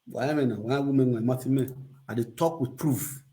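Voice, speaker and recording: A man's voice: medium pitch, fairly quick, dark tone. A man with a Nigerian accent hosting a casual livestream chat, rambling, repeating catchphrases and laughing often. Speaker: livestream host.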